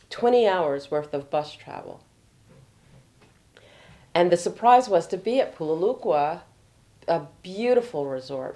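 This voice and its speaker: Warm-toned woman telling an excited travel story. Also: fairly low pitch. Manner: animated, excited retelling that drops to hushed tones. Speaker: storyteller sharing her travels.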